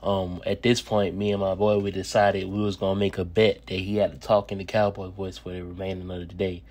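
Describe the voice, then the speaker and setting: A man's voice: deep voice, level tone, a little fast, darkish tone. A man casually explaining a bet with his friend, laid-back and joking. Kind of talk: casual chat and piece-to-camera.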